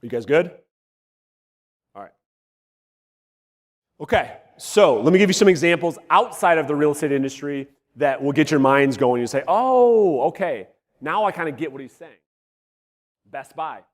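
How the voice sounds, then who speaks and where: Guy running a sales workshop, high voice, blunt and swears a lot, long hall echo. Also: moderate pace, pauses often. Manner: energetic, blunt, swears, quizzes the audience. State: voice wearing out. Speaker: real estate sales coach. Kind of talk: live workshop teaching to a room. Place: large room with live audience.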